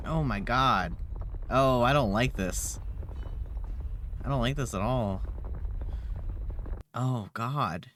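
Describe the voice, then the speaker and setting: A man's voice: mid-range voice, slow pace, long pauses, a bit bright, a little hiss or hum. Man reading game dialogue aloud. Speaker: streamer playing a game. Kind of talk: casual gameplay commentary, reading dialogue aloud.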